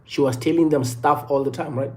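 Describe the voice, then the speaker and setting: A man's voice: a little high, steady tone, a little fast. A man in his thirties with a South African accent, telling a personal story on a livestream in an earnest way, often repeating phrases. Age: 30s. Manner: earnest, repeats phrases, many "you know" fillers. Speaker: livestream host.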